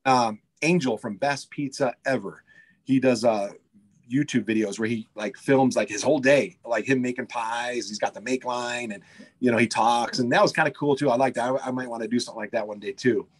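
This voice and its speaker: A man who runs a pizza shop talks quickly and loosely in an interview. He rambles with eager energy, stacking fillers and restarting his sentences. His voice sits at an ordinary middle pitch for a man. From United States. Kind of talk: casual interview chat.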